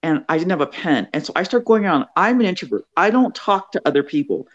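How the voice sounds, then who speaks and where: A woman's voice: fairly low pitch, animated, fast, lo-fi sound. A middle-aged woman author, a guest, telling chatty anecdotes and acting out the voices in them. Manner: acts out quoted voices, chatty. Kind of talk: animated storytelling in an interview.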